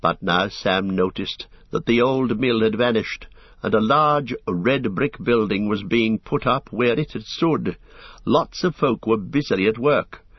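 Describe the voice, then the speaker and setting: A man narrating a storybook with steady, even reading, on a dull lo-fi recording. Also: fairly low pitch, a little slow, breathy edge, no room sound. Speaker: audiobook narrator.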